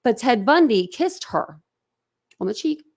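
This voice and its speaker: A woman speaks at a measured pace with a slightly high voice and big pitch swings. She's a livestream host chatting bluntly and casually with viewers, rambling and laughing often.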